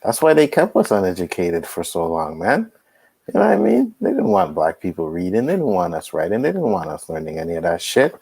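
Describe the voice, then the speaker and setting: A man's voice: on the low side, wildly swooping pitch, fairly quick, creaky, warm tone, slightly rough, dry recording, rough recording. A man co-hosting a podcast in casual chat, laid-back, full of "you know what I mean" and "bro". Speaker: podcast co-host.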